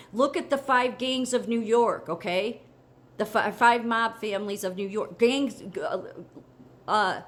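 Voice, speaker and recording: An American woman giving a heated, rambling opinion monologue as a commentary vlogger, indignant, with frequent restarts. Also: mid-range voice.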